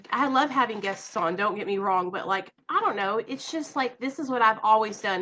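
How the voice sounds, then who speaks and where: A woman's voice: fairly high pitch, sharp tone, a little hiss or hum. Nervous, emotional woman chatting on a live stream. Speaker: vlogger. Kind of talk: casual live-stream chat. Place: home.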